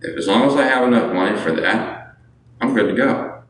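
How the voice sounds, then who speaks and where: A man with a lowish voice, lively intonation, and a fairly quick pace chats casually on a livestream in an echoey room with faint background noise. He rambles, answers viewers, asks them for money, and often adds "you know what I'm saying".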